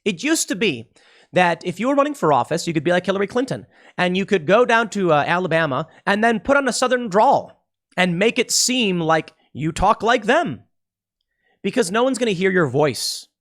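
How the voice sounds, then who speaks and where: Emphatic man with a higher voice. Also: very animated, moderate pace, a bit bright. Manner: emphatic, repeats phrases, frequent restarts. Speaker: podcast host. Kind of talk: political commentary monologue.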